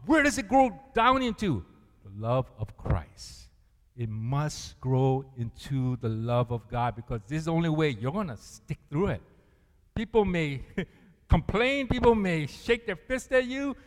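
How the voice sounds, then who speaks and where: Animated male pastor preaching in a reverberant hall. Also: mid-range voice, a little slow. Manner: animated, calls congregation to read along. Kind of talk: sermon.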